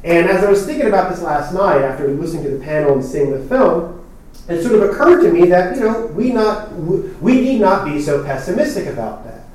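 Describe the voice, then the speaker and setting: A man's voice: sits high, animated, brisk, a little mellow. A man giving an academic lecture from prepared text, with fillers and wry asides, recorded in a hall. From New Jersey. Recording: very echoey hall, speaker far from mic.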